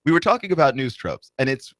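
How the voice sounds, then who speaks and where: A young Southern American man co-hosts a radio talk show with wry, rambling remarks and restarts. He speaks at an ordinary middle pitch. The recording is dry and close. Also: sing-song, fast talker, a bit bright, dry recording. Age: young adult. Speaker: radio co-host. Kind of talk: casual chat.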